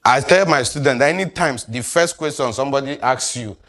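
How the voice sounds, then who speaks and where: A man's voice: medium pitch, fairly quick, fairly bright tone. A man, teaching a sales class and quizzing his audience. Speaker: sales trainer. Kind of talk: classroom lecture.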